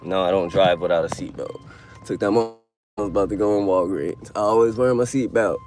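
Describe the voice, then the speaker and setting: A man's voice: low-pitched, brisk, a little mellow, soft background music. A young man streaming live while driving deliveries, ranting in a casual, heavily profane, irritated way. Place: inside a car on city streets.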